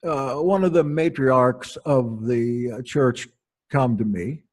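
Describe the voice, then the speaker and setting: A pastor telling wry, anecdotal stories from the pulpit in an unhurried way. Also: male voice, medium pitch, darkish tone. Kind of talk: storytelling sermon.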